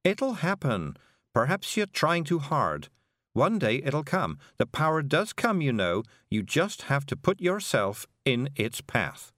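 In an audiobook, a man voices a kindly middle-aged witch, raising his pitch above his natural voice in a heavily acted, very animated performance. The character is cheerful and rambles soothingly, spoken a little slowly with a fairly bright tone, in a dry, studio-quality recording.

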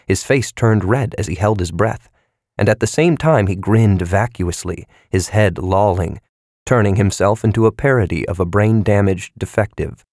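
An audiobook narrator reads a novel aloud in a measured, even storytelling style. His fairly low voice comes through clean studio sound with no room noise, as scripted narration.

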